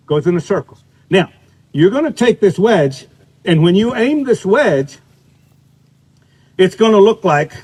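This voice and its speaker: A man's voice: high-pitched, darkish tone, poor audio. An older man teaching a live golf clinic outdoors, talking in a folksy, storytelling way while he demonstrates shots. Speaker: golf instructor. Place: outdoor golf practice area.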